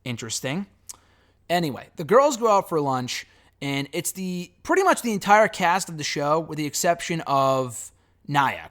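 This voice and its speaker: A man's voice: on the high side, fairly bright tone. A man giving a casual spoken review of a reality show, blunt and sarcastic, swearing freely as he recaps.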